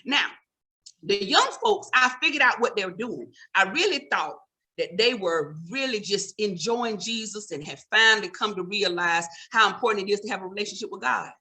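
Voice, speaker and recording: A woman's voice: medium pitch, moderate pace. A woman comedian doing stand-up, talking straight to her audience and teasing them. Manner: animated, teasing direct address to the audience.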